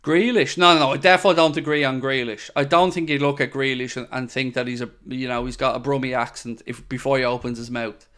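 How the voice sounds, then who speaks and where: The young host chats casually and offers opinions as he works through live-chat comments, dropping plenty of fillers and asides. His mid-range voice is a bit bright, fairly even in intonation, and a little fast.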